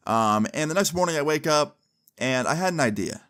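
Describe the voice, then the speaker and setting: A man's voice: on the high side, expressive, fairly quick, a bit bright, clean tone. Young man telling a casual story. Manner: chatty, heavy with "like" and "you know" fillers.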